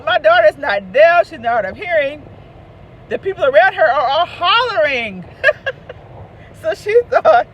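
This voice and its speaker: A woman, an author and speaker, telling a lively personal story and hollering out the voices she quotes. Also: high voice, a little slow, pauses often, a little hiss or hum. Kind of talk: casual storytelling.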